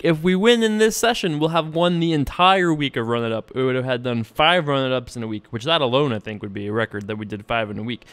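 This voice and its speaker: Smooth-voiced American man talking poker. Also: a little high, fairly bright tone. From United States. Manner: chatty, self-deprecating, thinks aloud. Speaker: poker vlogger. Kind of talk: casual poker commentary.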